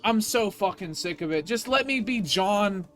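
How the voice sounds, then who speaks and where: A man's voice: sits high, lively intonation, normal speed, a bit bright, faint music behind. A man streaming a video game, ranting in casual, profane commentary.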